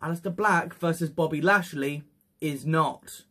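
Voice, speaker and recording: A young man talks through his picks in a loose, casual monologue, swearing freely and breaking into excited whoops. His voice sits fairly high for a man, and he takes his time, drawing his words out slowly. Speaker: wrestling predictions vlogger.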